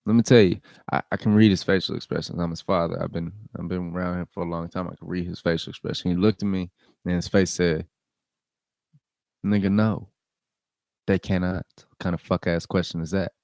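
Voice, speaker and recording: Low-voiced man, gravelly, dry close sound, blunt profane vlog rant. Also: level tone, fast talker, darkish tone, dry recording. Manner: blunt, profane, repeats points for emphasis. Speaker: vlog host. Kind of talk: casual rant commentary.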